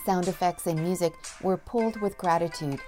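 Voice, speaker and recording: A middle-aged woman narrating a children's story in a gentle, sing-song read-aloud manner. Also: on the low side, moderate pace, soft background music. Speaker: narrator and producer.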